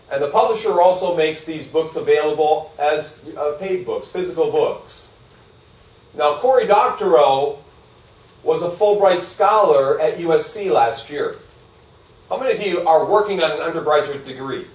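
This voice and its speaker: A man giving a live university lecture, animated and asking his audience questions. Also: a little high. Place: lecture hall. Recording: echoey hall, speaker far from mic.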